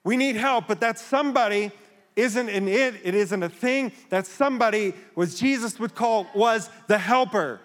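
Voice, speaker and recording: Male pastor, higher voice, fervent sermon delivery, long reverb of a church hall. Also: moderate pace, fairly bright tone. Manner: impassioned, rising to emphatic calls. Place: church sanctuary.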